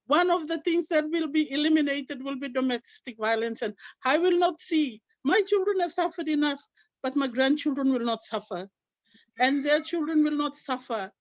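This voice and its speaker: A woman's voice: high-pitched, normal speed, no echo, dull audio. A middle-aged woman from Guinea, speaking, gives an earnest, heartfelt personal testimony on an online call. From Papua New Guinea. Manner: heartfelt and earnest, fervently religious. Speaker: team member sharing her story.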